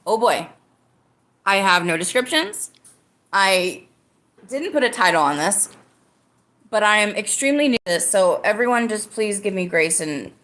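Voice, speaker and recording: A woman's voice: mid-range voice, a bit bright, reverberant. A woman hosting her own live-stream podcast, talking casually and greeting viewers in the chat. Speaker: livestream podcast host.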